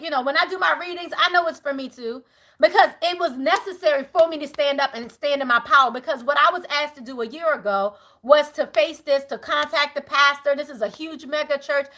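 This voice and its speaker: High bright-voiced woman giving a tarot reading. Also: brisk. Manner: animated, preachy, swinging from loud to hushed prayer; casual, outspoken, swears freely. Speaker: tarot reader. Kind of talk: live tarot reading to viewers.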